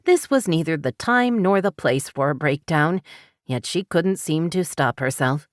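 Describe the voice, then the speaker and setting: Woman reading an audiobook, low voice, steady and even, super dry recording. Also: dry recording. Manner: measured, even storytelling. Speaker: audiobook narrator. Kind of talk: scripted narration.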